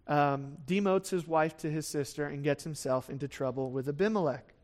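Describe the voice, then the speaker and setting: A man with a high voice gives an expository sermon, reading a scripture passage aloud and then unpacking it. He talks in a relaxed, conversational way, with fillers and quick acted asides for the people in the story. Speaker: pastor.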